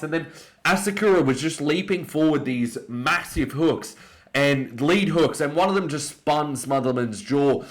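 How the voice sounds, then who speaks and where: Young Australian male, casual fight-breakdown commentator, excitable and blunt, medium pitch. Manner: opinionated, excitable, jumps up in pitch on emphasis. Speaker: MMA commentator.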